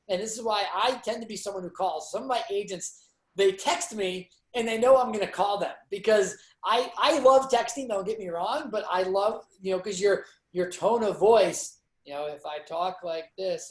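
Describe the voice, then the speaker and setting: On a video call, a sales manager runs a training session, delivering an upbeat, chatty motivational talk that rambles and leans on fillers. His voice sits high and the room is echoey.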